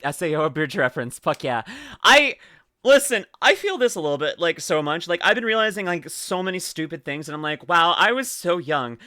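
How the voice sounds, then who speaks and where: Bubbly excitable young woman streamer. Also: fairly low pitch, a little fast, dry recording, clean studio sound. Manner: excitable, gushing, swears freely, squeals and laughs. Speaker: streamer reacting to videos. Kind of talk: casual live-stream chat.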